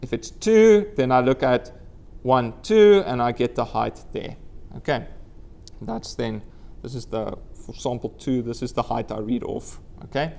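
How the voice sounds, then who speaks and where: Lively male lecturer. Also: medium pitch, measured pace, gravelly. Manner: lively, quizzes the class, playful whoops. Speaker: university lecturer. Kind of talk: live classroom lecture. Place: lecture room with students.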